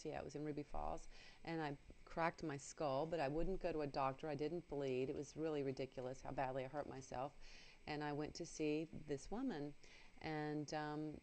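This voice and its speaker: A middle-aged woman with a low voice tells a personal spiritual story for radio. She is earnest and halting, trailing off into fillers and restarting her sentences as she goes. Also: a little mellow, a little hiss or hum.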